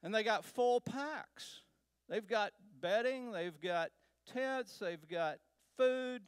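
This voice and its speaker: A man from Texas, a guest speaker, telling a personal travel story to a church in a slow, unhurried way with pauses. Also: high voice, animated, clean tone, no echo. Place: church sanctuary.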